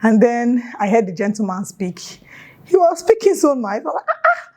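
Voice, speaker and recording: Telling a story on her vlog, a young Nigerian-accented YouTuber keeps dropping in playful local asides with a casual, animated delivery. Her voice is on the high side and her pace is moderate.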